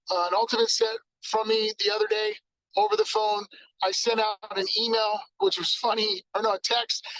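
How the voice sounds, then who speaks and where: A man giving an energetic sales training talk, acting out exchanges with customers. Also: high-pitched, creaky, no room sound, poor audio.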